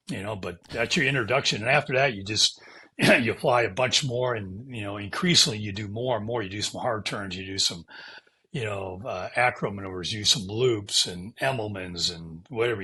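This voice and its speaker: A man's voice: lowish voice, animated, moderate pace, pushed and bright, breathy edge. An older American man, a former fighter pilot, telling stories in an interview, acting out radio calls and hissing brake sounds and swearing casually. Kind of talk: animated storytelling interview.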